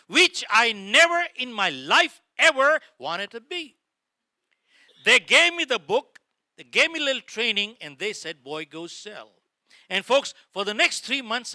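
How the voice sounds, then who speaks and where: Middle-aged male motivational speaker, dramatic storyteller who acts out dialogue and calls the crowd "folks", sharp bright tone, dry close sound. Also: very high-pitched, dry recording. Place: lecture hall before a live audience.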